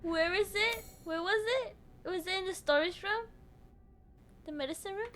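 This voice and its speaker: A woman's voice: very high voice, normal speed, a bit bright, slight background noise. A young woman streaming a horror game, jumpy and swearing, shrieking and giggling when scared. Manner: swears freely. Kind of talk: live gameplay commentary.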